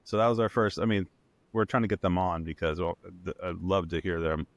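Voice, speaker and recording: A man's voice: sits low, fairly quick, no room sound. A man co-hosting a podcast in casual chat, enthusiastic and calling people dude. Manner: enthusiastic, repeats dude and yeah. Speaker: podcast co-host.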